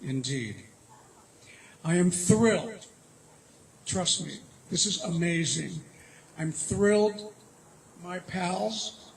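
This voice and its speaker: Older guy with a gravelly high voice, wry speech to his pals on a handheld mic. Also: darkish tone, low-quality recording. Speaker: honoree and organization founder. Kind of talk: speech to an audience.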